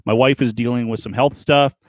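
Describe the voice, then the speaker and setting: A man talks casually on a live stream about a new podcast. He rambles and turns earnest, and gets animated in his stories. The sound is dry and close. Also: mid-range voice, fairly quick, dry recording. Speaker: podcast co-host guest.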